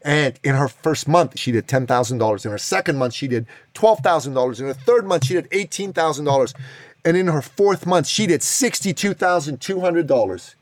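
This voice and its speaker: A man's voice: on the high side, animated, a little fast, no echo. A middle-aged man hosting a podcast, telling a motivational story in an emphatic, dramatic way. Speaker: podcast host.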